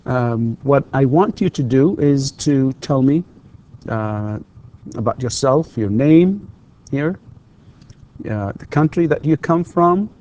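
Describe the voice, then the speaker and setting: A man's voice: medium pitch, expressive, takes it slowly, dark tone, highs cut off. A man lecturing university students on English, repeating drill questions and hesitating with many fillers. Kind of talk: recorded classroom lecture.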